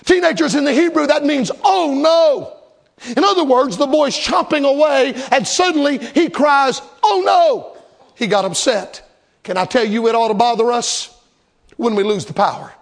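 A man's voice: very high-pitched, normal speed, gravelly. A man preaching a revival sermon as a Baptist preacher, emphatic and dramatic, repeating lines for effect.

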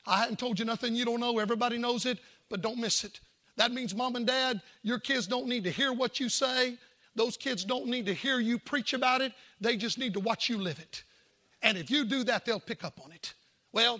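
A man's voice: extremely high pitch, creaky, pushed and bright. A man preaching a folksy, emphatic sermon, with jokes and asides to the congregation. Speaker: pastor.

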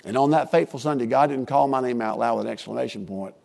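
An older man preaching a sermon as pastor, emphatic, dropping to a hush and rising to a boom, drawing out key words. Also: fairly even intonation, gravelly. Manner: emphatic, swings between hushed and booming, drawn-out stressed words.

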